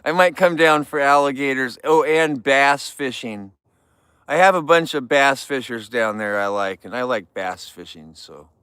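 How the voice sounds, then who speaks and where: Man, casual livestream host, joking with viewers, smooth clear voice. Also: medium pitch, fairly bright tone, no room sound. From California. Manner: chatty, jokey, greets viewers. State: tired.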